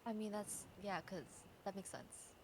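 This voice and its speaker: A woman's voice: mid-range voice, measured pace, darkish tone, a little hiss or hum, poor audio. A woman co-streamer in casual chat, making playful teasing suggestions.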